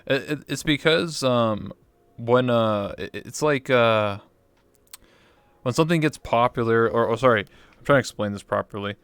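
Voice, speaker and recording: Rambling male streamer host, smooth dry voice. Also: mid-range voice, moderate pace, fairly bright tone, no room sound. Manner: rambling, lots of fillers and restarts. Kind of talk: casual chat.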